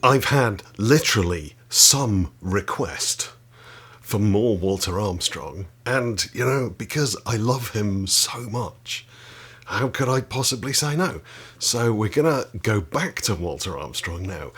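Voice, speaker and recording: A low-pitched man reads passages from an old history book aloud, then steps out of the text now and then to add dry, wry comments to his viewers. His delivery stays steady and unhurried throughout. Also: breathy edge. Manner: dry, wry asides between read passages. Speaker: channel host reading from a historical book. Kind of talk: reading aloud with asides.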